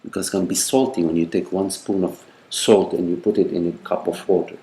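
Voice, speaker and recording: An older man, a spiritual teacher, speaking gently in a meditative question-and-answer talk, with halting, repetitive phrasing and frequent "you see.". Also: low-pitched, steady tone.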